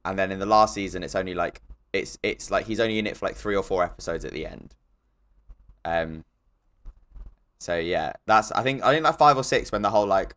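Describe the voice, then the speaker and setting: A man co-hosting a comedy podcast, rambling and hedging as his voice trails off quieter. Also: deep voice, fairly quick, pauses often. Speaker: podcast co-host. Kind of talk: casual comedic chat.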